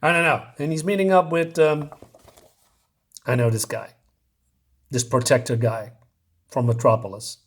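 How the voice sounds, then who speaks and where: A man's voice: medium pitch, lively intonation, measured pace, long pauses. A man reviewing a comic book in a loose, rambling way, paraphrasing panels with lots of fillers. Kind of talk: casual solo review.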